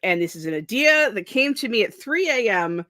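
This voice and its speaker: Hosting a casual productivity stream, this tired young woman wanders from thought to thought, laughing at herself a lot. She speaks at normal speed in a slightly high, sing-song voice that sounds pushed and bright, recorded at studio quality with no echo.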